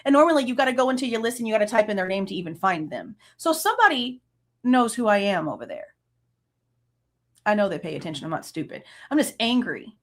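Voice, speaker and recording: A woman's voice: mid-range voice, big pitch swings, quick pace. A woman in her late thirties, hosting a true crime channel, ranting with heated, profane exasperation. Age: late 30s. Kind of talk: angry reaction rant.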